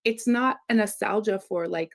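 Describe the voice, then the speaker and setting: A woman's voice: medium pitch, normal speed, vocal fry. A woman professor discussing ideas in an academic way, hesitant, with many fillers and "right?" tags. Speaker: university professor.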